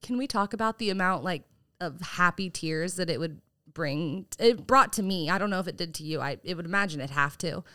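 A young woman, co-hosting a casual chat and acting out customers with quick voice switches. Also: on the low side, bright, forceful tone, no room sound, clean studio sound. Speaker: podcast co-host.

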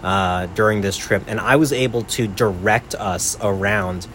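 A man's voice: fairly low pitch, unhurried, fairly bright tone, slight background noise. A young man and podcast host telling a travel story in a rambling casual way, full of "like" and "right?".

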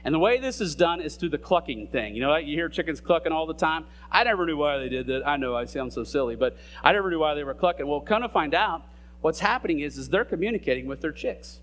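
A man's voice: a little high, animated, fast, a bit bright. A man preaching a sermon in a conversational way, with fillers and casual asides between scripture readings. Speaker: pastor.

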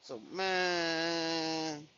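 A man's voice: fairly high pitch, level tone, extremely slow, sharp tone, clean tone. A man telling a personal story in casual, profane street slang, acting out the people he quotes. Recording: dull lo-fi recording.

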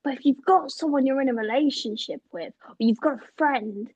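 A woman co-hosting a podcast, giggly and animated as she tells stories in casual chat. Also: sits high, brisk, husky, dry recording. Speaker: podcast co-host. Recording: dull lo-fi dry recording.

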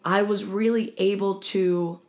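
With a medium-pitched voice and a measured pace, a twenty-something woman co-hosts a podcast. Her casual chat is candid, and she brings her stories to life by performing the quotes.

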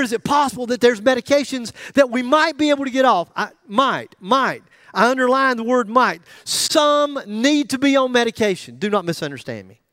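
A man's voice: extremely high pitch, fairly bright tone, no echo, studio quality. A middle-aged man preaching a sermon in a joking, conversational way, with asides to the congregation. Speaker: pastor.

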